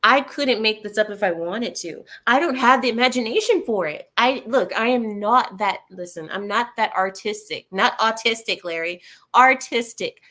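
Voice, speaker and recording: A woman's voice: on the high side, lively intonation, normal speed, few pauses, a bit bright. A woman hosting a livestream, reading viewer comments aloud and answering them in a sarcastic, laughing way. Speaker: livestream host reading chat.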